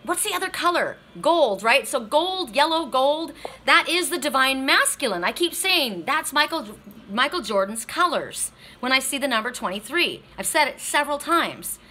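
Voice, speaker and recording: A middle-aged woman giving a casual, emotional oracle card reading, excitable and tearful, swearing freely. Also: high voice, normal speed. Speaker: tarot and oracle card reader.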